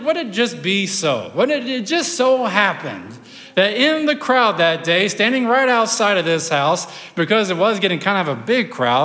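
A male pastor preaching an animated sermon, swinging from loud bursts to hushed storytelling. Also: sits high, long reverb tail.

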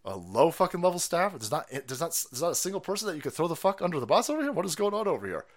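A man's voice: fairly high pitch, big pitch swings, rapid-fire. A man hosting a livestream, ranting in profane, mocking commentary and laughing often. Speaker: livestream host.

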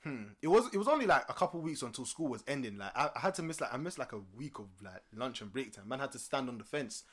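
Lively young London man telling stories. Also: quick pace, slightly rough. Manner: animated, swings loud and high when excited, laughs often. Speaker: podcast co-host. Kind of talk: casual storytelling chat.

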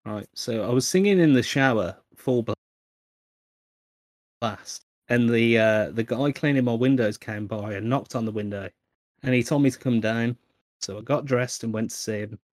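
A man's voice: mid-range voice, moderate pace, darkish tone, dry recording, clean studio sound. A man co-hosting a casual podcast, rambling and swearing freely as he tells a joke story. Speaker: podcast co-host.

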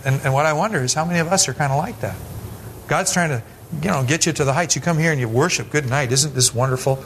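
A man's voice: mid-range voice, a bit bright, a little hiss or hum. A man pastor giving a sermon in a conversational style, acting out quoted voices as he goes and often restarting his sentences.

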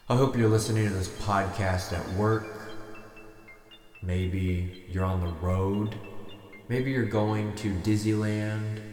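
A deadpan man hosts a podcast, rambling through absurd, self-mocking jokes in a very low voice. The room is echoey, with a long reverb tail, and faint music runs underneath. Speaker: podcast host. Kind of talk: rambling comedic monologue.

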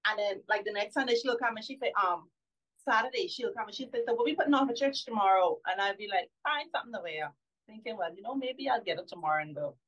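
Candid woman telling a personal story. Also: fast talker. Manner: candid, often drops to a soft, low voice when recalling things. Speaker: podcast guest. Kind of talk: casual storytelling conversation. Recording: slightly dull lo-fi sound.

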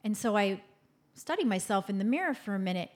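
A woman in her fifties hosting a podcast, telling a personal story with an expressive manner that swings between bright, louder moments and soft, hushed ones. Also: medium pitch, fairly quick. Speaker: podcast host.

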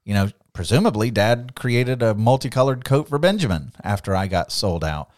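A man co-hosting a Bible study podcast, teaching in a lively, conversational way, laughing often and acting out quotes. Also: mid-range voice, normal speed, no room sound, studio quality.

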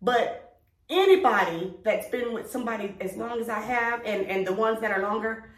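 A middle-aged woman talks in a casual podcast chat, emphatic and a little preachy, her voice set slightly high. She sits back from the mic in an echoey room. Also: far from the mic. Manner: emphatic and preachy, drawn-out words. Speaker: podcast co-host.

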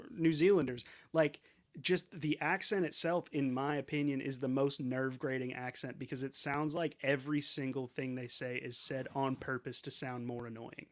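A man co-hosting a podcast in casual chat, rambling and swearing, often restarting his sentences. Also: a little high. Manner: rambling, profane, restarts a lot. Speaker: podcast co-host.

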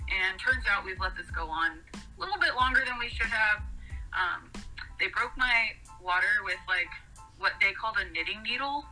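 A woman's voice: moderate pace, soft background music, low-quality recording. A woman casually telling a comic story on a podcast, acting out what others said with big jumps in her voice and frequent laughter. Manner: animated, acts out quoted voices with big pitch jumps, laughs often.

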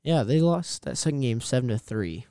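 A man's voice: mid-range voice, expressive, normal speed, warm tone, smooth, no room sound. Brash, teasing young man. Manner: brash, teasing, swears freely. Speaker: podcast co-host. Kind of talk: casual sports chat. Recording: dry.

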